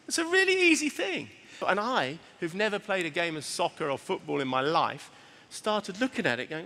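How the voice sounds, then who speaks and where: A man giving a lively seminar talk to an audience, animated and acting out the voices he quotes. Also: sits high, a little fast, vocal fry, long reverb tail. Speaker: retail speaker.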